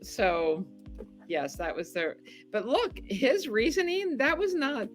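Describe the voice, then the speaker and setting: A middle-aged woman, a podcast guest, telling a story in casual chat, animated and laughing often. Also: fairly high pitch, takes it slowly, faint music behind. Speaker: podcast guest, former game show contestant.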